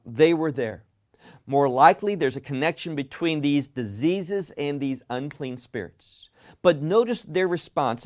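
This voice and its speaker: A man's voice: fairly high pitch, darkish tone. A man teaching a verse-by-verse Bible study, asking rhetorical questions and repeating key phrases.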